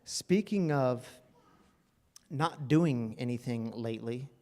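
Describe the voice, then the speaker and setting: A man pastor preaching an animated, conversational sermon. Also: mid-range voice, slow, big-room sound.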